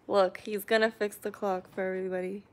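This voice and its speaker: A woman's voice: medium pitch, darkish tone. Chatty woman live-streaming to viewers. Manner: chatty, often clears her throat. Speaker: vlogger hosting a live stream. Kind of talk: casual live-stream chat, reading viewer comments aloud.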